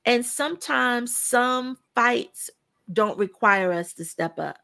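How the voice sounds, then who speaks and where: A fairly high-pitched woman with vocal fry speaks slowly as a guest on a podcast. Casual and emphatic, she acts out quoted dialogue in her stories and repeats words to drive her point home.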